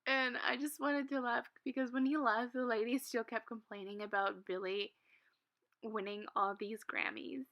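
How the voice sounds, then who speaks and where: A young woman chatting casually to her viewers and telling stories, giggly and full of "like" and "um", often sinking to a soft murmur. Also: fairly high pitch, steady tone, moderate pace, vocal fry, dull audio. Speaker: Sims content creator. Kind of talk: casual storytime chat.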